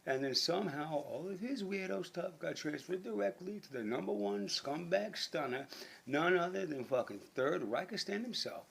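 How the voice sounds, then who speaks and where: A man with a gravelly, somewhat husky voice pitched a little high spins a rambling conspiratorial monologue. He talks in a profane, mock-grandiose way. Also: expressive, moderate pace, fairly bright tone.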